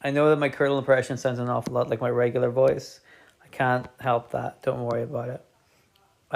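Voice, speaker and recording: A man's voice: mid-range voice, flat delivery, fairly quick, vocal fry. A British man streaming, telling a meandering comedic monologue with chatty, offhand asides.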